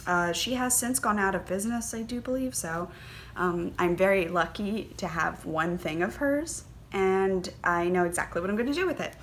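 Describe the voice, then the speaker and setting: A woman hosting a knitting podcast, chatting casually and gushing excitedly, with plenty of fillers and little gasps. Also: medium pitch, moderate pace, slight background noise. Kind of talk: casual chat.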